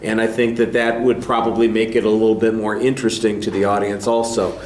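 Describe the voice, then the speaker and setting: A man's voice: on the low side, level tone, a little mellow. Man giving candid speech feedback. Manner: candid, measured critique. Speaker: speech instructor. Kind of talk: spoken feedback on a student's speech. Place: classroom. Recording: echoey room, faint hum.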